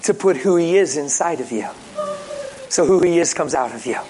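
A male pastor preaching with lively stories, joking and acting out the callers he talks about. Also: on the high side, normal speed, a little hiss or hum, rough recording. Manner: lively, jokey, acts out callers in voices. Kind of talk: sermon with storytelling.

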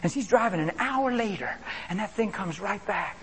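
A male preacher delivers a sermon with a fairly high voice, moving from booming emphasis to quiet, confiding asides. His delivery stays lively and dramatic. A faint background hiss sits under the voice. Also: normal speed. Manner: animated, swings between loud exclamations and hushed asides.

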